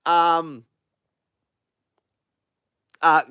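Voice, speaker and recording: A Welsh man, a book reviewer, reacting live with excitable, jokey, self-mocking chat. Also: a little high, very slow, clear, resonant tone, dry recording, clean studio sound. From Wales.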